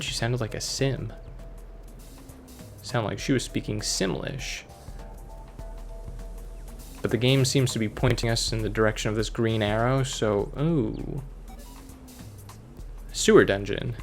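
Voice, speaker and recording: A man's voice: medium pitch, gravelly. A man casually commenting on a video game he is playing, reading the on-screen text aloud and cracking jokes. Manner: playful, jokey, reads game text aloud. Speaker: let's play host. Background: faint game music.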